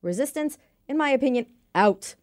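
A woman co-hosting a casual board game chat, bubbly and animated. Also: high-pitched, moderate pace, dry recording. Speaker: podcast co-host.

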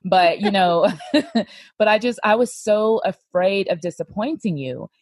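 A woman's voice: medium pitch, measured pace, a little mellow, dry recording. A woman podcast host telling her own story candidly, full of "like" and "you know.". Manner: earnest, lots of "like" and "you know".

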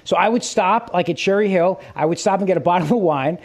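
Animated, laughing middle-aged male host. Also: high voice, fast. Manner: animated storyteller, laughs often. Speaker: radio show host. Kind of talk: casual radio banter.

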